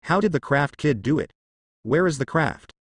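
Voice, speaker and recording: A man's voice: a little high, animated, normal speed, slightly rough, dry recording, studio quality. A man reading as a stiff, bewildered father. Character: stunned adult man, father of an inventor.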